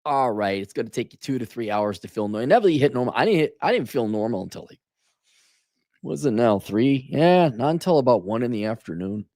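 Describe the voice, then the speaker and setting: A man's voice: medium pitch, expressive, fast, a little mellow, no room sound, studio quality. Tired, profane man ranting on his podcast. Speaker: podcast host. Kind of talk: casual solo podcast rant.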